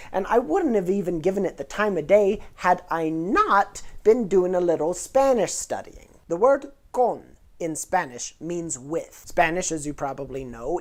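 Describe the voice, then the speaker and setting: A woman's voice: fairly low pitch, a little mellow. A woman hosting a casual educational vlog, explaining things in a playful, nerdy way. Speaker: host.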